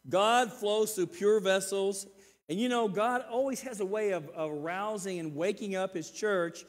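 A man in his sixties preaching a sermon, earnest and repeating words, swinging between loud emphasis and quiet asides. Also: sits high, unhurried. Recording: reverberant church hall.

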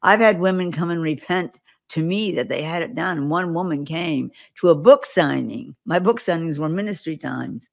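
Gravelly woman telling vivid stories. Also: low-pitched, moderate pace, hardly any pauses. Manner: earnest, vivid storytelling with acted quotes. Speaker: guest prophetic minister. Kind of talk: interview, recounting visions and stories.

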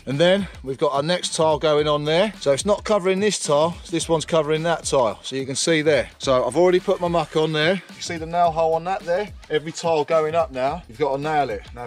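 A man, a roofer, chatting casually outdoors on a roof and explaining each step of the job as he works, recorded on an action camera. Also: on the high side. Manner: chatty, explains while working. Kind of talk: casual work vlog.

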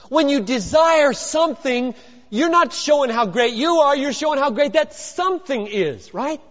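An older man preaching a sermon, swinging from loud emphasis down to hushed, low lines. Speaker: pastor. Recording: dull lo-fi with long hall reverb.

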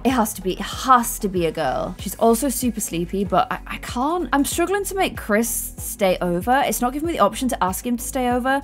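A young woman with an Irish accent giving casual, chatty commentary on her game, turning dramatic with mock-panicked shrieks. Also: mid-range voice. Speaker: gaming YouTuber.

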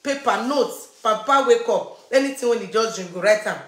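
A woman's voice: a little high, normal speed, a bit bright. A woman with a Nigerian Pidgin accent telling a family story, repeating lines for emphasis. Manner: repetitive, emphatic retelling. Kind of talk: personal storytelling. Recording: echoey room.

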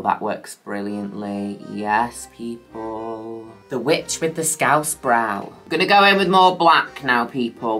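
Woman, makeup vlogger, camp and chatty, very lively delivery. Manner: chatty, camp and playful, drops a flat low "people" at line ends. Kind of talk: casual makeup tutorial chat.

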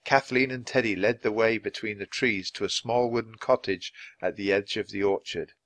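A man reading a children's chapter book aloud clearly and expressively at a natural pace. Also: lowish voice, fairly even intonation, moderate pace, a bit bright, no room sound. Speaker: storybook reader.

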